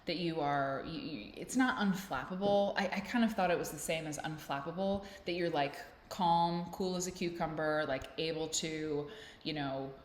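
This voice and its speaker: This woman with a deep voice hosts a casual vlog, talking to the camera indoors at home while a fan blows. She rambles playfully and pokes fun at herself at a moderate pace, barely pausing. The room is echoey with faint noise.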